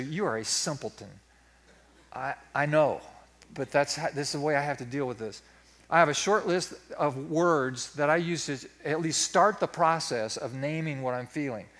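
A man's voice: a little high, normal speed, fairly bright tone. A middle-aged male pastor preaching a sermon in a folksy, self-deprecating way, acting out his own inner thoughts.

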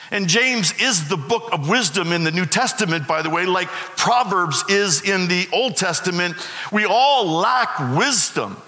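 A man's voice: high voice, animated, measured pace, bright, forceful tone. A middle-aged man preaching a sermon as pastor, emphatic and repeating his key phrases. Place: church sanctuary. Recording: echoey hall with long reverb.

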